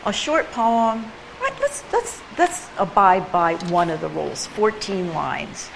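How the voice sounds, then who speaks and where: A woman leading a poetry workshop, chatting casually with quick asides while recorded in a classroom. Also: mid-range voice, huge pitch swings, gravelly, poor audio. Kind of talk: casual teaching talk. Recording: room ambience and background noise.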